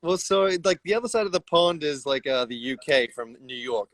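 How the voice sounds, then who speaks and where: Fast-talking New Zealand man. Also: medium pitch, expressive, fairly bright tone. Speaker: winegrower, guest. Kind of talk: casual live-stream chat. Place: outdoors.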